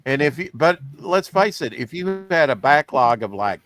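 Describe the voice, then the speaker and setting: A man's voice: fairly high pitch, very animated, moderate pace, a bit bright. A man hosting a comics podcast, reading news in a rambling, casual way, with lots of fillers. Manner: rambling, filler-heavy, self-deprecating. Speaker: podcast host.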